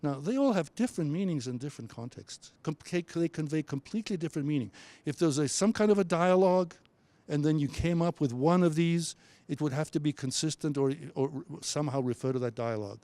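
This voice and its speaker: A man's voice: fairly high pitch, lively intonation, fairly quick, mellow, dry recording. A man presenting a university workshop on speaking, coaching the audience with frequent restarts and stammers. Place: lecture room at a university.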